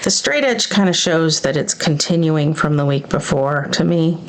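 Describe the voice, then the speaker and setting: A woman's voice: low-pitched, lively intonation, normal speed, a little hiss or hum, low-quality recording. A woman planner vlogger thinking aloud as she crafts, hesitant and self-questioning as she works out her choices.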